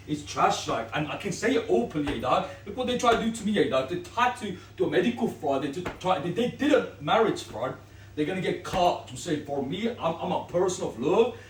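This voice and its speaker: A man's voice: on the high side, a little hiss or hum. A man of Sri Lankan Tamil family ranting to camera in a rambling, slangy way, tagging his lines with street filler. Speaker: vlogger. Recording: echoey room, far from the mic.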